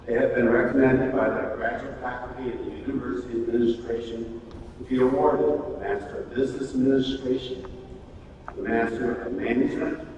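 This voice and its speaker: A man giving a formal commencement address as a university official, speaking in a measured way. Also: mid-range voice, a little mellow, dull audio. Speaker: university official presenting graduates. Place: large ceremony hall. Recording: echoey hall, distant mic, faint hiss.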